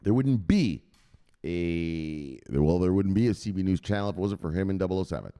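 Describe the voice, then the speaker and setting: A man hosting a crypto news livestream, chatting with viewers in a loud, profane, excitable way. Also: sits low, normal speed, clean tone. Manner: profane, excitable, shouting "bang!" often.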